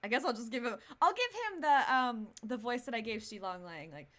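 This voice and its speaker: A woman's voice: a little high, animated, a little fast, fairly bright tone. A woman streamer giving casual, chatty commentary while playing a game, giggly and self-deprecating.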